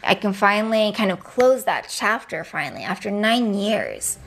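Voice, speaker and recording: Young woman retelling things in an interview, acts out the lines, gravelly. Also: medium pitch, normal speed. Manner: animated, acts out quoted dialogue.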